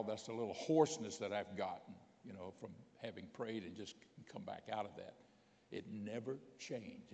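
A bishop preaching a sermon in a church, telling stories softly and then rising into loud exclamations. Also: male voice, medium pitch, vocal fry. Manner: storytelling preacher, swings from soft to loud exclamations. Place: church sanctuary. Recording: long church reverb.

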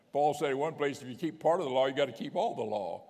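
A man's voice: medium pitch, lively intonation, moderate pace, mellow. A man preaching a sermon as a bishop, speaking conversationally, reading scripture aloud and chuckling now and then. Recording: long hall reverb.

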